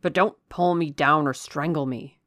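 A woman voicing a brusque, commanding gentleman who orders the frightened household to calm down. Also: a little high, moderate pace, dry recording, studio quality.

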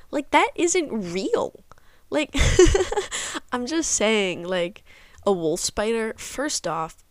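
A woman's voice: mid-range voice, no room sound. Young woman ranting on her podcast. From Midwest of the United States. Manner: sarcastic, rambling, swears freely. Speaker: podcast host. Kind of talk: casual solo podcast rant.

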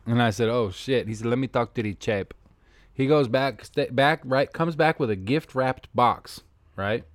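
A man hosting a podcast, telling stories with plenty of swearing in a mid-range voice. The sound is dry and close, with no room around it. He talks loose and animated. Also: mid-range voice, normal speed, no echo. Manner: profane, animated storyteller. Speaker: podcast host. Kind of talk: casual storytelling chat.

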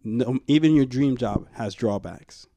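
A man muses in a reflective, rambling way and restarts his sentences often. His voice sits at mid pitch, and the sound is dry and close. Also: a little slow, dark tone, dry recording, dull audio. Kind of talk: casual chat.

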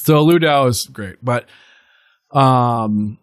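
A man's voice: mid-range voice, slow, no echo, clean studio sound. A man in casual podcast chat, rambling and filling his talk with "like" and self-corrections.

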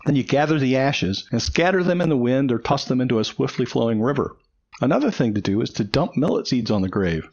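A man's voice: medium pitch, lively intonation, a little fast, a little mellow. A man co-hosting a casual podcast, reading out lore in a dry, teasing way. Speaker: podcast co-host. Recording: dull lo-fi sound.

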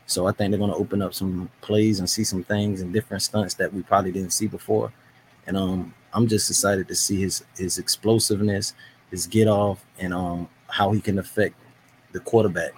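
Low-voiced male co-host, relaxed measured talk, faint background hiss. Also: rough recording. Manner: relaxed, measured, many fillers. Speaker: podcast co-host. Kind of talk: casual sports chat.

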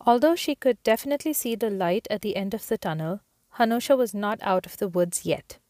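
A woman reading scripted narration in a measured, even way. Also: mid-range voice, no echo, clean studio sound.

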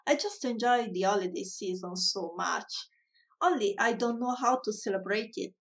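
A woman voicing a lonely, timid ghoul who hides in attics, speaking a little higher and louder than her narration. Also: normal speed, distant mic, lightly acted. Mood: eager. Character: lonely timid household ghoul, sulky and pleading.

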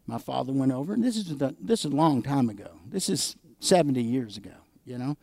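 A man's voice: mid-range voice, animated, brisk, gravelly, darkish tone, dry recording. Emphatic preacher man, dry sound. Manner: emphatic preacher, asks the congregation for amens. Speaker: pastor. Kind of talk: sermon.

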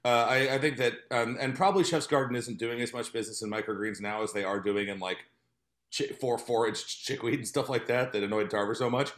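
A man's voice: mid-range voice, steady tone, fairly quick, a bit bright. A man telling a funny story in casual chat, laughing often as he talks. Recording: echoey room.

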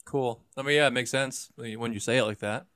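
A young man in a casual movie discussion, talking haltingly with frequent restarts. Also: fairly even intonation, a bit bright, no room sound, clean studio sound. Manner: halting, restarts often, jumps up in pitch when making a point.

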